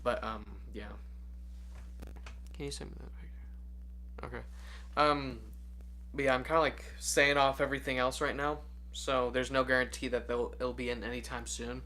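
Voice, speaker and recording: Bright-voiced young man rambling on a livestream. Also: medium pitch, fairly even intonation, moderate pace, pauses often. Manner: rambling, filler-heavy, self-mocking. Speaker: livestream host. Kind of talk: casual livestream chat.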